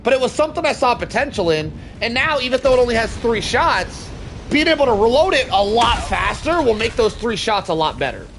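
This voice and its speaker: A young man streaming a co-op shooter, joking with his chat and now and then bursting into shouts. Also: extremely high pitch, big pitch swings, brisk, vocal fry, slight background noise. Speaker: game streamer. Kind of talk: casual gaming stream chat.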